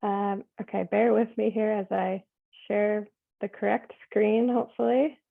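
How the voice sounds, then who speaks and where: A woman's voice: medium pitch, level tone, measured pace, gravelly. Woman specialist, mid voice, tinny phone-like call audio, friendly presenter. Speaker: environmental program specialist. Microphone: video call.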